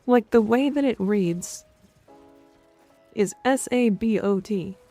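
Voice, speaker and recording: A woman's voice: mid-range voice, takes it slowly, warm tone. A woman game streamer chatting casually and ranting offhand, with frequent swearing. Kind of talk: casual gaming stream chat. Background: faint background music.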